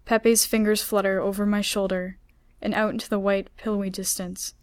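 A woman author reading her own story aloud in a measured, unhurried way. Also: mid-range voice, flat delivery, clean tone, dry recording. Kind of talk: literary reading.

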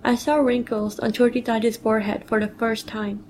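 A woman's voice: on the high side, flat delivery, normal speed, darkish tone, a little hiss or hum, rough recording. A woman reading a personal memoir story aloud, telling it plainly and quoting others in her own voice.

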